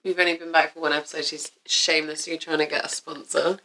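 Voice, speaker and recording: A woman's voice: sits low, level tone, fast, pushed and bright, rough recording. A woman co-hosting a casual chat podcast, teasing dryly and backing up her friend, feeling unwell. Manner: dry teasing asides, supportive agreement. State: unwell, cough. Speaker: podcast co-host.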